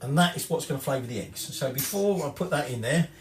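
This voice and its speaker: Fast-talking and animated, a man with a mid-range voice walks through a recipe as a home cook in his kitchen. The chatty, rambling demo includes self-corrections and offhand swearing, and the echoey room is full of clattering dishes.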